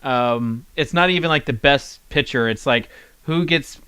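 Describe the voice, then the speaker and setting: Playful male host, smooth clear voice, dry close recording. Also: medium pitch, unhurried, sharp tone, no room sound. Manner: playful, searches for words aloud. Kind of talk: casual sports chat.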